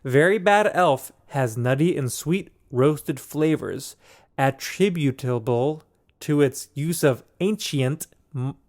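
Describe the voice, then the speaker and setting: A man's voice: on the high side, lively intonation, takes it slowly. A young man co-hosting a casual podcast, playful and jokey, tasting beers and reading labels aloud. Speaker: podcast co-host. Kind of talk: casual chat and beer tasting.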